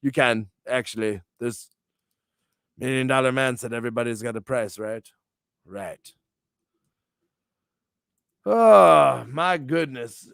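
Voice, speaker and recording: A young man hosting a morning stream with a bombastic, theatrical promo style, swinging his pitch and volume wildly. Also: takes it slowly, gravelly, long pauses, fairly bright tone, dry recording, studio quality. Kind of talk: hyped-up wrestling promo chat.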